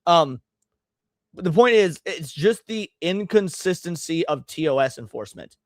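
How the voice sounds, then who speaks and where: A man's voice: fairly high pitch, lively intonation, moderate pace, no room sound, studio quality. A man hosting a live stream, reacting to clips with blunt, profane, emphatic rants. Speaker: streamer host.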